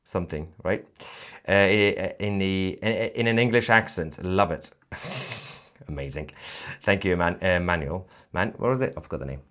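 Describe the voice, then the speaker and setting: A man's voice: low voice, expressive, moderate pace, a bit bright. A man hosting a livestream, reading viewer comments aloud and joking between them with frequent laughs. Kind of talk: casual live-stream commentary.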